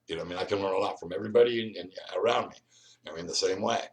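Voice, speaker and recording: A man hosting his own video speaks in a low, rapid-fire voice, rambling confrontationally straight to the viewer. In this solo vlog monologue he keeps repeating and restarting his words.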